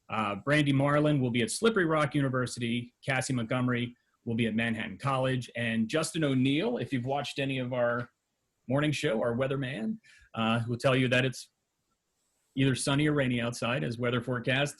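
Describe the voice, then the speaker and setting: Male, middle-aged, school media teacher; loose spoken remarks at a board meeting, lots of fillers. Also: mid-range voice. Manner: conversational, with frequent fillers and restarts. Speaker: high school TV program advisor.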